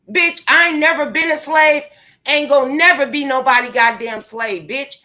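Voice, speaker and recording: A woman's voice: sits high, expressive, slow, sharp tone. A woman vlogger, delivering a profane, confrontational rant to her viewers. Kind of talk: angry rant to camera.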